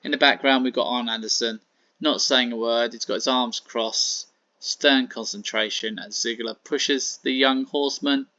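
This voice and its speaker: A man's voice: mid-range voice, steady tone, normal speed, bright, forceful tone, dry recording. A man casually narrating a wrestling simulation game, with frequent fillers. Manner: casual, with many fillers and "sort of". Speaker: wrestling sim host. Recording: dull, lo-fi and dry.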